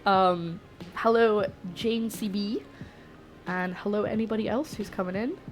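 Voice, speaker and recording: A woman's voice: medium pitch, a little slow, soft background music. A young woman chatting casually to viewers as she cooks in her home kitchen, greeting people and joking as she goes. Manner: chatty, greets viewers warmly, jokey asides. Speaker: cooking streamer. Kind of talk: casual livestream chat while cooking.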